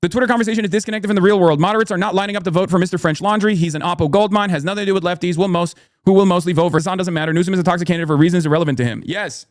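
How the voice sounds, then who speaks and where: A man's voice: high-pitched, steady tone, very fast, hardly any pauses, no room sound, clean studio sound. A man ranting through combative, profane political commentary on a live stream.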